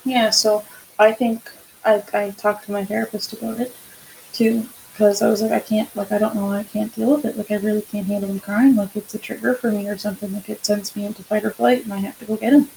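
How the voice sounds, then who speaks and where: A woman's voice: mid-range voice, flat delivery, a little fast, creaky, a little mellow, slight background noise, rough recording. A woman co-hosting a casual podcast chat, speaking candidly and swearing freely as she tells stories and acts out quotes. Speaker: podcast co-host.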